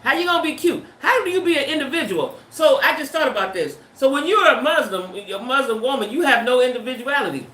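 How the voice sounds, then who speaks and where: A woman's voice: sits high, expressive, fast talker, hardly any pauses, a bit bright, reverberant. A woman hosting a livestream in casual, emphatic chat, firing off rhetorical questions and slang. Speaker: livestream host. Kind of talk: casual chat reading viewer comments.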